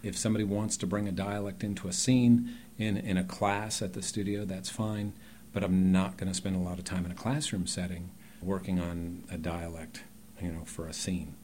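A low-pitched man who teaches acting, speaking in a relaxed podcast chat. He rambles easily and leans hard on certain words now and then, over a faint hiss. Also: moderate pace. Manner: chatty and rambling, with emphatic bursts.

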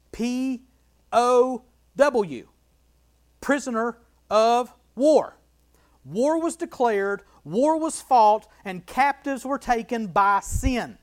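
A Bible teacher leading a verse-by-verse study, emphatic, repeating key phrases and asking rhetorical questions. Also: mid-range voice.

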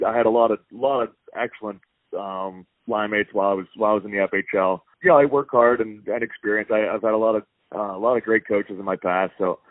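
A man in his thirties from Pennsylvania, a guest chatting casually in an interview, relaxed with many fillers and restarts. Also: on the low side, quick pace, no room sound. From Wampum, Pennsylvania, USA. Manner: easygoing, lots of fillers and restarts. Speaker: guest, hockey player. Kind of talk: casual interview over phone. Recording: tinny phone line, dry.

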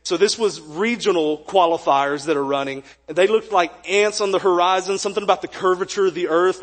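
A young man preaching a sermon as pastor, telling a personal story in a jokey, animated way with acted-out quotes. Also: sits high. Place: church sanctuary.

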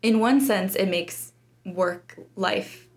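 A woman's voice: medium pitch, slow pace. A young woman in her twenties, a student podcaster, chatting in a casual interview with many likes. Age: 20s.

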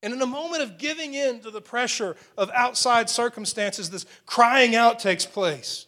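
A man's voice: very high-pitched, moderate pace, hardly any pauses, sharp tone. A middle-aged man preaching a sermon, building intensity and asking rhetorical questions. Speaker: pastor.

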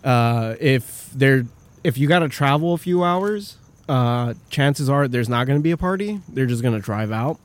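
A man telling stories as a podcast guest in a casual, animated way, swearing freely as he talks. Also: medium pitch, normal speed. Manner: profane, animated storytelling. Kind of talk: casual chat.

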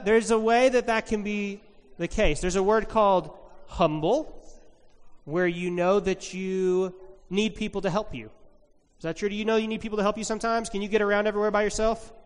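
A man preaches to children in a church sanctuary, his voice sitting high for a man. He keeps asking the kids questions and cheering their answers. The sound carries a long hall reverb. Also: normal speed, clear, resonant tone. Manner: asks kids questions in a lively, encouraging way. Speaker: pastor. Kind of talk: children's sermon.

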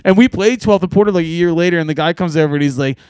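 A man on a podcast casually telling band road stories, animated and swearing, laughing often. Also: fairly high pitch, rapid-fire, clear, resonant tone, dry recording. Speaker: podcast co-host and band member. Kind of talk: casual storytelling chat.

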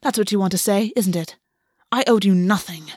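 A woman's voice: medium pitch, moderate pace, a little mellow, slightly rough, no echo, studio quality, close to an everyday voice. A woman voicing a cold, cutting male fae captive in an audiobook reading, speaking in a snapping tone.

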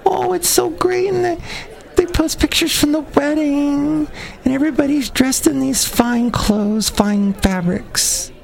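A man voicing a swooning social media poster in a breathy high falsetto with drawn-out sighs. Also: exaggerated voice, low-quality recording. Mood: gushing.

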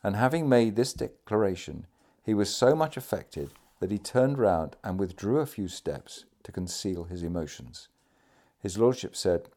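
A man reads a historical account aloud in a measured, formal manner. His voice sits fairly low. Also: lively intonation, a little mellow. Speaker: audiobook reader.

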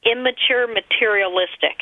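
A woman's voice: a little high, normal speed, no echo. A woman calling in as a psychic over the phone, talking hesitantly, repeating herself and giggling between readings. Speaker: psychic caller. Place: her home. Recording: tinny muffled phone line.

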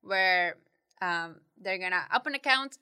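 A woman's voice: on the low side, animated, normal speed, pushed and bright, clear, resonant tone. A woman in casual chat, recapping a movie plot in a rambling, giggly way with many "like"s. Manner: rambling, giggly retelling with quoted character voices.

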